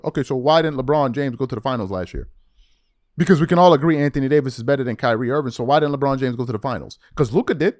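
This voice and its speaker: A man's voice: mid-range voice, animated, fast, no room sound, clean studio sound. A man hosting a sports commentary show, ranting in a fired-up, blunt, repetitive way. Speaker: commentary host. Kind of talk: heated sports commentary rant.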